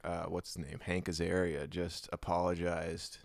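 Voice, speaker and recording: Deep-voiced young man on a podcast. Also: flat delivery, normal speed, vocal fry, no echo, clean studio sound. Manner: rambling, loose, full of fillers and slang. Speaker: podcast host. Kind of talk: casual podcast chat.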